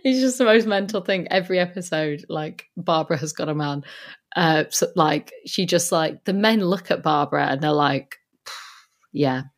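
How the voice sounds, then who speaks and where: A woman co-hosting a podcast in casual chat, animated and laughing as she acts out characters in funny voices. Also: deep voice, normal speed. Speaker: podcast co-host.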